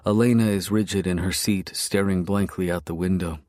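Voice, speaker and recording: A man narrating a romance story in the first person, with a low, brooding, intense delivery. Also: steady tone, brisk, few pauses, a little mellow, dry recording, clean studio sound.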